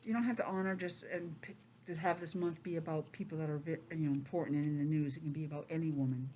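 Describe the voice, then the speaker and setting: A middle-aged woman teacher in a classroom, reading aloud to young children with lively, chatty asides. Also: low voice, quick pace, a little hiss or hum. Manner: chatty, expressive, drifts into personal asides. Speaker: preschool teacher.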